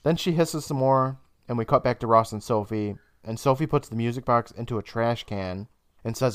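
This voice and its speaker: A young man co-hosting a podcast, casually retelling an episode's plot with laughs and quick bursts of high mock voices. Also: a bit bright, no echo, studio quality. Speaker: podcast co-host. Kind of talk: casual recap chat.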